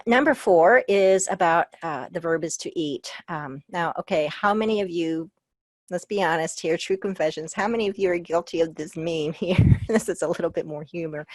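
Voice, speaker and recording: A middle-aged woman with a lowish voice leads a casual webinar for librarians over a video call, speaking from personal experience with frequent "um" and light humor. The sound is dry and close, with no room echo. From Iowa.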